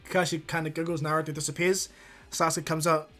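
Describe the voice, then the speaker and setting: A man's voice: fairly high pitch, little pitch movement, fast, pushed and bright, soft background music. A man improvising a fan fiction story aloud, rambling with many fillers and restarts.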